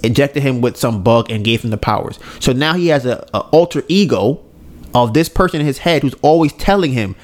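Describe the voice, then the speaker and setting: A man chatting casually on a podcast, retelling a show scene by scene. He is an animated storyteller who slips into the characters' voices and checks in with his listeners as he goes. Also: medium pitch, fairly quick. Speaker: podcast co-host. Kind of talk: casual chat retelling an anime.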